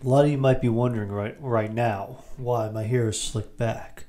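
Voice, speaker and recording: A man hosting a podcast, giving a rambling, jokey recap of a movie with quick asides. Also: mid-range voice, fairly even intonation, over music. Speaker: podcast host.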